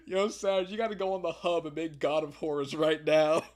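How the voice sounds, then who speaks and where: A man streaming a visual novel game, reading it aloud and commenting in loud, laughing, profane banter. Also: on the high side. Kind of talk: live let's-play commentary.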